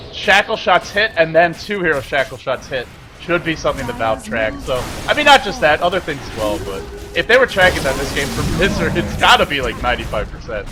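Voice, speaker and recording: Excitable male esports caster. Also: on the high side, background noise. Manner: excitable, bursts into shouts and laughter. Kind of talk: live esports commentary.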